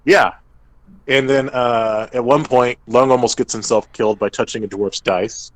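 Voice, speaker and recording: A man's voice: medium pitch, steady tone, moderate pace, no echo, low-quality recording. A young man, podcast co-host and game master, casually recapping a tabletop game and briefly acting out characters' lines.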